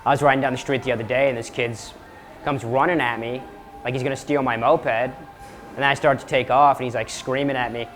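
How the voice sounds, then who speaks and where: A man's voice: mid-range voice, steady tone, a little fast, fairly bright tone, soft background music. A man and moped club member speaking in a casual interview, conversational and explaining.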